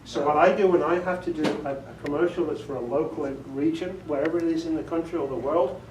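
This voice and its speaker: Speaking at a quick pace with a fairly high voice, a British man acting as an audiobook director runs an informal workshop talk, joking with and quizzing a small audience. It takes place in a meeting room, recorded with echo, distance from the mic, and faint noise.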